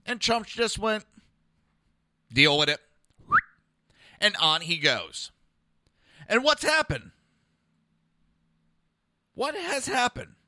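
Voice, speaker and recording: A man's voice: very high-pitched, big pitch swings, slow pace, pauses often, sharp tone. A man hosting a podcast, delivering an aggressive, profane, mocking political rant. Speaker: podcast host.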